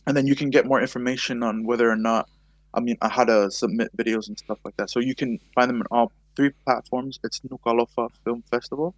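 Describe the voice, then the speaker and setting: A man's voice: medium pitch, steady tone, brisk, no echo. A young man from Tonga, a guest on a podcast, talking casually and hesitantly with frequent fillers. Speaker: podcast guest, filmmaker and photographer. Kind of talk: casual chat.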